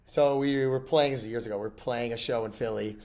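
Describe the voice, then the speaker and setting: A man's voice: mid-range voice, steady tone, fast, vocal fry, darkish tone. A middle-aged man chatting casually as a podcast guest, telling rambling anecdotes and laughing often. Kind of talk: casual chat.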